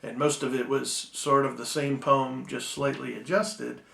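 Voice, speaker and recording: A man giving a recorded Bible-school lecture, measured and full of ums and restarts, slowing down to read poems aloud. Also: medium pitch, little pitch movement, gravelly, sharp tone, echoey room.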